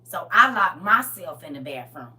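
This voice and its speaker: A woman giving an impassioned testimony, swinging between shouting and low intense talk with lots of emphatic repetition. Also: big pitch swings, moderate pace, far from the mic.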